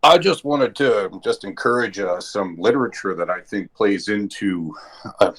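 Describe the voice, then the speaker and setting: Earnest Canadian man calling in, low voice. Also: normal speed, fairly bright tone, slightly rough. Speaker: caller. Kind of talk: casual call-in chat.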